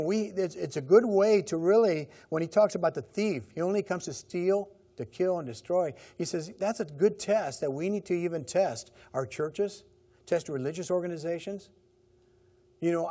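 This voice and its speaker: A man's voice: fairly high pitch, dark tone. A middle-aged man preaching a sermon in a conversational way, repeating key phrases. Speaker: pastor.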